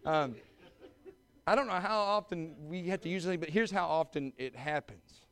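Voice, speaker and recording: A pastor in his thirties delivers a sermon, mixing folksy jokes with rising, fervent preaching. His voice sits high for a man and rings smooth and clear. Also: moderate pace. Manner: folksy humor building to loud fervent preaching.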